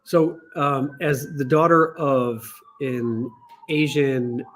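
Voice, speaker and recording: A man hosting an interview, asking measured, somewhat hesitant questions with fillers. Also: mid-range voice, a bit bright. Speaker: interview host.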